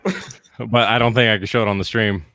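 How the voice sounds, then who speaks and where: Low, bright-toned man, dry sound. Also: fairly even intonation, quick pace, dry recording. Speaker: guest. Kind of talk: casual chat.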